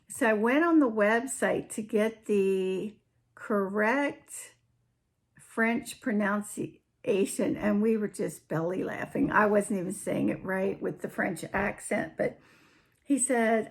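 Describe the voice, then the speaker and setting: A woman hosting a casual crafting show-and-tell, chatty and unhurried, often trailing off and picking up her sentences again. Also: mid-range voice. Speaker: podcast host.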